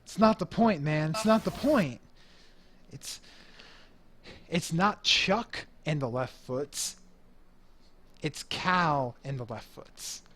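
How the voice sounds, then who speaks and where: A man's voice: on the high side, normal speed, a little hiss or hum, lightly acted. A man doing a bossy, nervous jazz bandleader. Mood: indignant. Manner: blustering, then sheepish.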